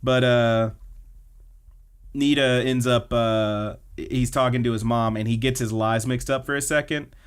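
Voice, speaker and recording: A man's voice: medium pitch, fairly even intonation, unhurried, smooth. A man co-hosting a podcast, casually recapping anime episodes in a chatty way and acting out the characters' lines. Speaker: podcast co-host.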